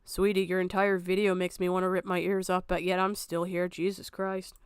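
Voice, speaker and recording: A woman's voice: on the low side, little pitch movement, a little fast, clean tone, no room sound. A woman streamer, not from America, giving blunt, profane and exasperated reaction commentary. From outside America.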